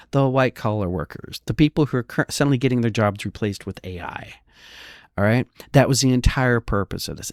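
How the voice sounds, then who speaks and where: A man's voice: lowish voice, darkish tone, no room sound, clean studio sound. A man who works as a real estate broker, giving casual market commentary in a sarcastic way and often checking in with the listener. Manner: sarcastic, keeps checking in with "all right?".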